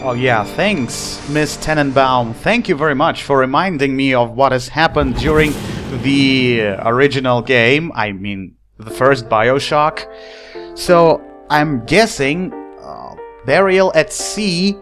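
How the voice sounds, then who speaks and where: A man's voice: medium pitch, slow, over music. A man giving casual let's play commentary, chatty, laughing at the game, a non-native English speaker. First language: not English.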